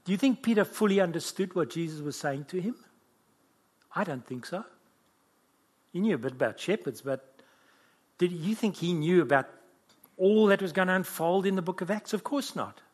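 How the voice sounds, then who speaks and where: A man's voice: high-pitched, expressive, moderate pace, pauses often. A man preaching a sermon with fervent, emotional delivery.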